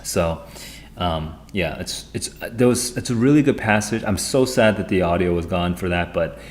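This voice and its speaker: Working through SAT questions at his computer on a live stream, a tutor rambles excitedly as he reasons out loud. He speaks at a low pitch and normal speed.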